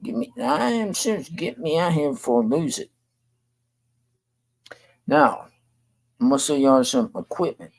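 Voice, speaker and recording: Older guy, gravelly and raspy, griping hard on his own little tv show. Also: fairly high pitch, very animated, unhurried, pauses often, poor audio. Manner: blunt, agitated, repetitive complaining. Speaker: show host. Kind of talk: venting monologue to camera.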